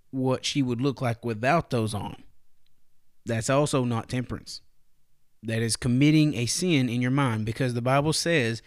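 A man's voice: medium pitch, no echo, studio quality. A man giving a casual morning devotional on his podcast, folksy and plain-spoken, asking his listeners rhetorical questions. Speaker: podcast preacher.

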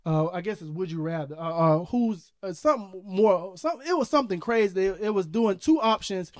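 A young adult man co-hosting a podcast, chatting casually and acting out his children's voices in an animated way. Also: sits high, fairly quick, dry recording, clean studio sound. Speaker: podcast co-host. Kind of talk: casual chat.

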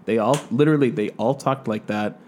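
A man's voice: mid-range voice, fairly quick, a little mellow, slight background noise. A man from Southern California telling a rambling, profanity-laced story in a casual podcast chat.

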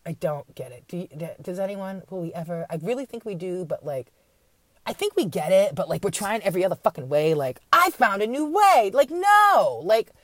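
Profane, animated woman ranting late at night. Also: fairly low pitch, brisk, no echo. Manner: profane, rambling, wry asides; acts out others in mocking voices. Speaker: podcast host. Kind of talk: late-night rambling rant.

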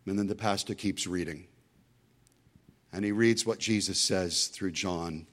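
Emphatic low-voiced male preacher. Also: measured pace, a bit bright. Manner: emphatic preaching with storytelling asides. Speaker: pastor. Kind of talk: sermon.

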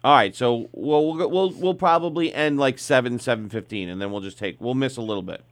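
A man's voice: medium pitch, a little fast. Blunt, foul-mouthed male radio co-host. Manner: blunt, swears freely. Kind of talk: casual studio banter.

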